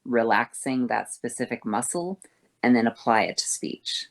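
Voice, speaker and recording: A woman voice teacher explaining vocal fold exercises, moving between a harsh, thick sound and a soft, thin one, over a voice call. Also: extremely low pitch, expressive, moderate pace. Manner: switches between harsh fry and soft breathy tones.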